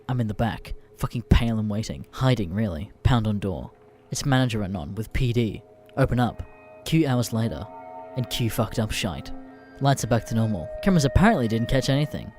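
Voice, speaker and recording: A man narrating an internet horror story in a deadpan, profane way. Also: mid-range voice. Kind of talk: scripted narration of internet stories.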